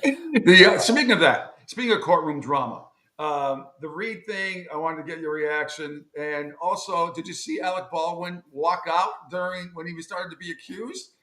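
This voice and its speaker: A man co-hosting a radio talk show, chatting excitably and laughing often. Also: a little high, moderate pace. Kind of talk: casual talk radio banter. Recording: roomy studio sound.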